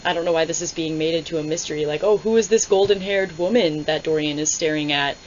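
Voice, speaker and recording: A young woman talks through a book at home in a low voice, wry and animated, and drops into mocking voices for the characters. The sound is dull and lo-fi, with a faint hiss behind her. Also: fast talker. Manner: sarcastic, animated reactions with mocking put-on voices. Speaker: book reviewer. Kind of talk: casual readalong commentary.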